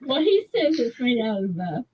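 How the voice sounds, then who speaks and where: A woman's voice: on the high side, very animated, moderate pace, highs cut off. A woman hosting a casual live show, bantering and laughing easily. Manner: laughing, playfully defensive banter. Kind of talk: casual live-stream chat.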